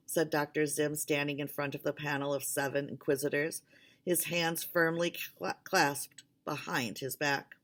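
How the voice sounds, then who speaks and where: A woman with a low, deep voice reads a novel chapter aloud. Her delivery is unpolished, with restarts and small asides to herself. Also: flat delivery, unhurried, fairly bright tone. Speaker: audiobook reader.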